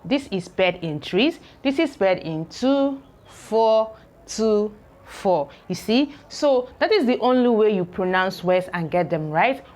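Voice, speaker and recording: A woman teaching English pronunciation, saying each word slowly several times, breaking it into syllables and checking in with "okay?" between explanations. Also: medium pitch, lively intonation, darkish tone. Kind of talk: slow spoken pronunciation lesson.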